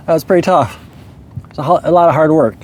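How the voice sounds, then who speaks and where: A man telling a story in a relaxed, rambling way, chuckling often. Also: on the high side, fast. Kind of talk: casual storytelling monologue.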